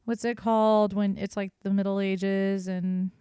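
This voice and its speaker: A woman's voice: mid-range voice, level tone, a little slow, dark tone, clear, resonant tone, dry recording, clean studio sound. A woman co-hosting a podcast, telling history in a casual, irreverent way and swearing freely. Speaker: podcast co-host.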